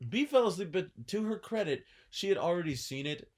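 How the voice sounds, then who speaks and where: Animated joking man on a podcast. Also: high voice, brisk. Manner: joking, animated, puts on silly voices for bits. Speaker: podcast co-host. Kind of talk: casual chat.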